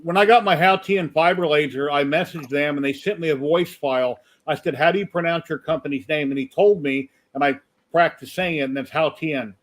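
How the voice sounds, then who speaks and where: A man hosting a casual live stream chat, telling rambling stories. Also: fairly high pitch. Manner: quick, rambling storyteller. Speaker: show host.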